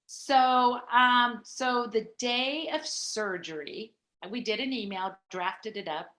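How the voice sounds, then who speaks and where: Middle-aged woman, podcast guest, higher voice, bright tone, chatty, echoey room. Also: takes it slowly. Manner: chatty, animated, with many fillers. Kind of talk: candid personal storytelling.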